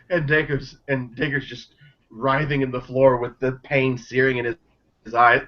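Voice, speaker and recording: A man narrating as game master of a tabletop game, relaxed and quick to laugh. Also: medium pitch. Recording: dull lo-fi sound.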